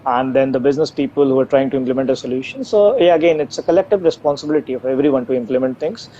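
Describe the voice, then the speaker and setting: A man's voice: mid-range voice, very fast, mellow. A man answering audience questions as a tech company's co-founder, talking with many fillers and restarts. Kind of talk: live Q&A interview answers. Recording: dull lo-fi live stream audio with faint noise.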